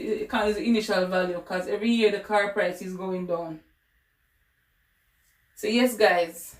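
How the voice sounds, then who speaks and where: A woman with a Caribbean English lilt walks viewers through math on a relaxed livestream. Her voice sits at an ordinary middle pitch. The sound carries a roomy echo from a room at home. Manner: chatty, talks to viewers and answers chat. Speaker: math tutor. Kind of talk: casual livestream lesson.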